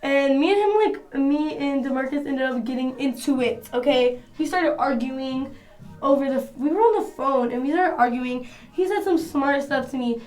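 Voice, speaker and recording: A woman's voice: high-pitched, moderate pace, a little mellow. A woman telling a casual storytime to her phone camera at home, chatty and full of slang. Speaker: vlogger.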